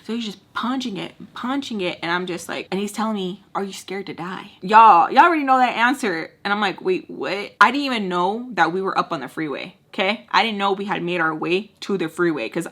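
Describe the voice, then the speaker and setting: A woman's voice: mid-range voice, fairly quick, few pauses, a bit bright. A young woman vlogger chatting to her viewers, casual and blunt, with free swearing. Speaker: storytime vlogger. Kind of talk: casual storytime while doing makeup.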